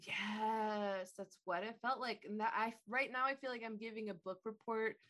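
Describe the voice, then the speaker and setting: A woman's voice: on the high side, fairly even intonation, normal speed, a bit bright. A woman co-hosting a movie podcast in casual chat, chatty and self-deprecating. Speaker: podcast co-host.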